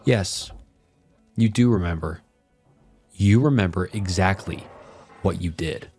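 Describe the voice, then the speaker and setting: A man with a fairly low voice tells a horror story in the first person. His manner is cold, probing and controlling. Faint music runs in the background. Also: slow pace, long pauses, darkish tone. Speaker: narrator.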